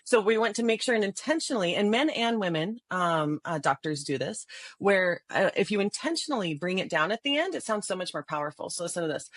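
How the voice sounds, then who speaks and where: A lively middle-aged woman talks casually on a podcast and acts out sample lines in different voices. She laughs often between points. The sound is dry and close, with no room echo. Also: medium pitch, fairly quick. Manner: animated, laughs often, acts out example dialogue. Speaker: podcast guest, sales trainer. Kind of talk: casual interview talk with demonstrations.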